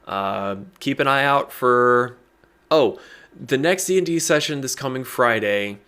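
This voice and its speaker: Man, casual podcast host, bright voice, easygoing rambling delivery. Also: mid-range voice, expressive, unhurried, clean tone. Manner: laid-back, rambling, laughs often. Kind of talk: casual chat.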